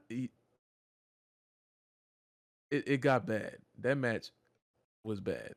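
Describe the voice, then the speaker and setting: A man's voice: mid-range voice, lively intonation, drawn-out words, gravelly, no room sound, studio quality. A man co-hosting a podcast in loose, joking casual chat, swearing freely. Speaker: podcast co-host.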